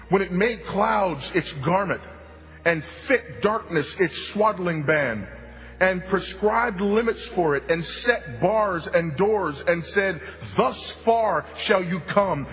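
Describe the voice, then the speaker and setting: Preaching in a sanctuary full of long echo, the pastor takes his time, repeating himself for emphasis and swinging from quiet to loud. He has a slightly high male voice. The lo-fi recording sounds muffled, and soft music lingers in the background.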